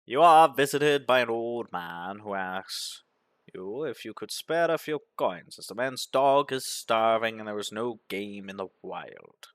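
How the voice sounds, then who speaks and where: A man narrating a game playthrough, reading its events aloud in a deadpan manner. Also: on the low side, unhurried, no room sound. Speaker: gaming commentator.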